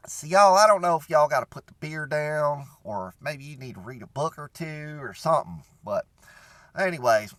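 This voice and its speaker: A rambling redneck played by a man holds forth in a comedic monologue, drawling and folksy, his lines wandering off track. The voice sits a little high and swings up and down with lively inflection. It is recorded close and dry, with no room sound. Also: normal speed, dry recording. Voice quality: drawling, rambling talk full of "you know".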